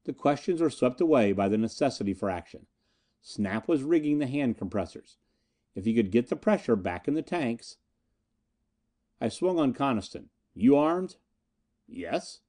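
A man reading a first-person adventure tale with tense, dramatic delivery. His pitch moves a lot, rising and falling through the lines. The tone is dark and mellow. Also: expressive, normal speed. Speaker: audiobook narrator. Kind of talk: scripted first-person narration.

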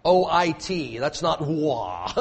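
A man's voice: on the high side, very animated, slow. A man preaching a sermon, emphatic and repetitive, with joking asides to his congregation.

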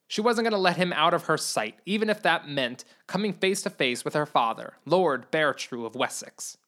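Expressive storybook narrator. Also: mid-range voice, moderate pace, few pauses.

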